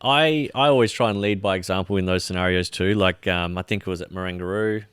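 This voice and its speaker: A young Australian man rattles along quickly in a lowish voice, opinionated and animated. He is close to the mic in a dry room. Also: clear, resonant tone, dry recording. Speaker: podcast co-host. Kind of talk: casual chat.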